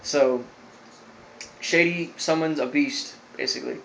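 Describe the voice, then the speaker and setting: A man's voice: on the high side, a little slow, fairly bright tone, a little hiss or hum, poor audio. A man reviewing an anime episode, retelling the plot in a loose, rambling way with lots of fillers. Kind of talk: casual spoken recap.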